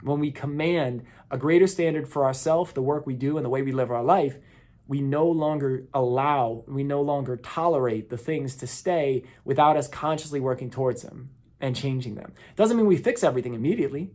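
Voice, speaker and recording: A man in his thirties, working as a motivational speaker, hosts a talk and tells a story in an earnest way. His mid-range voice is a little mellow and a little fast, and it shifts slightly whenever he quotes someone.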